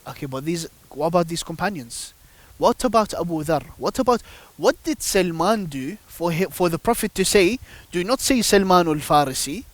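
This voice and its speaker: A man's voice: high-pitched, expressive, moderate pace, no echo. A man speaking as a guest on a religious panel, telling devotional stories emphatically with rhetorical questions. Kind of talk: religious discussion, storytelling.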